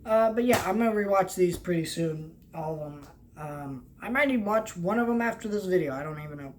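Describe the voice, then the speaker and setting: A young adult film vlogger in casual talk to camera, rambling and halting, often trailing off and restarting, and earnest and heartfelt. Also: mid-range voice, expressive. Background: faint background noise.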